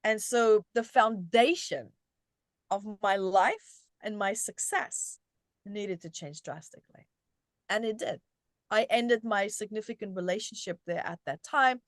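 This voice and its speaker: A middle-aged woman from South Africa, a guest telling her story in an animated, conversational way, often restarting her sentences. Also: medium pitch, a little slow, dry recording, clean studio sound. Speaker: guest, self-help author.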